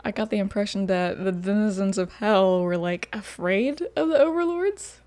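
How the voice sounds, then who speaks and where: A woman's voice: mid-range voice, moderate pace, a little mellow. A woman hosting a reaction video, chatting casually and laughing often. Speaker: host. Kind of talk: reaction commentary.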